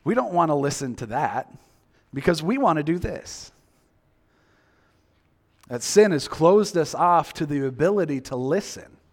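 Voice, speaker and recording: A man's voice: fairly high pitch, expressive, a little slow, pauses often. A male preacher giving a sermon, acting out quoted reactions and asking the listeners many questions.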